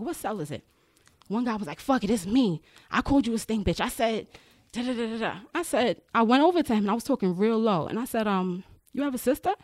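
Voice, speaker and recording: Frank, lively woman retelling work stories. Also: fairly high pitch, no room sound, clean studio sound. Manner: animated, acts out others' voices when retelling; frank, uses profanity. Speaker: corrections officer guest. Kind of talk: conversational podcast storytelling.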